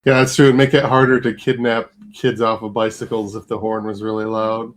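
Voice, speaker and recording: A man co-hosting a podcast who thinks aloud in hesitant casual chat, with many pauses and fillers. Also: fairly low pitch, little pitch movement. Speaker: podcast co-host.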